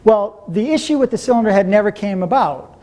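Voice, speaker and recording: A man giving a motivational seminar talk to a live audience, telling stories in an animated way and laughing often. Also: high-pitched, a little fast. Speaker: seminar speaker.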